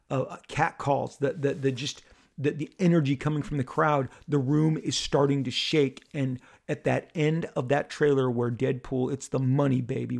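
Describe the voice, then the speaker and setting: Gravelly man telling an excited story. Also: mid-range voice. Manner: excitable, acts out the crowd and others in bursts. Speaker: podcast host telling a story. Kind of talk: animated storytelling monologue.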